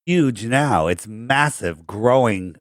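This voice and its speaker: A man's voice: medium pitch, expressive, takes it slowly, no echo, studio quality. A man speaking as a podcast guest, in a confident, blunt and combative way. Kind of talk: casual debate.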